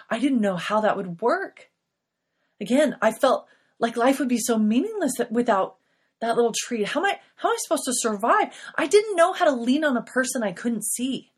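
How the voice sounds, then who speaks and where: Breathy woman sharing a faith testimony. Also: fairly high pitch, expressive, normal speed, darkish tone. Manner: earnest, confessional, emotional. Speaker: podcast host.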